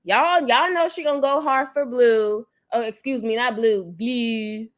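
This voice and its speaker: A woman's voice: high-pitched, steady tone, normal speed. A woman hosting her channel's livestream, chatting casually about celebrity gossip, rambling and greeting viewers in the chat. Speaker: YouTube channel host.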